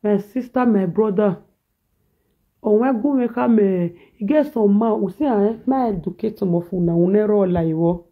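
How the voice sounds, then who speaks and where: High-voiced Nigerian man ranting over tinny audio. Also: normal speed. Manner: preachy, repetitive, mixing pidgin with local language. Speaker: social media commentator. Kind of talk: animated reaction rant.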